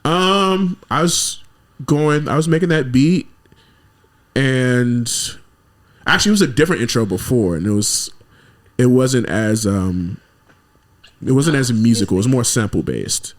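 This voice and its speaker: A man talking as a podcast guest in a relaxed, rambling way, leaning on lots of filler words. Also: medium pitch, a little slow, long pauses. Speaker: interview guest, singer and composer. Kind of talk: casual podcast conversation.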